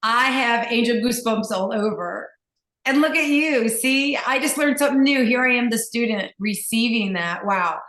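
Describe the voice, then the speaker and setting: A woman's voice: a little high, normal speed, fairly bright tone. Woman, breathwork teacher, gushing, chatty, echoey room. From Virginia, US. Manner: enthusiastic, gushing, with many fillers and restarts. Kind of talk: casual conversation.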